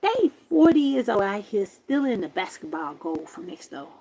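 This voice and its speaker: A woman hosting a livestream, telling a story to her viewers in a loud, profane, exasperated rant from her camper. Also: mid-range voice, very animated, normal speed, poor audio. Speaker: livestream host.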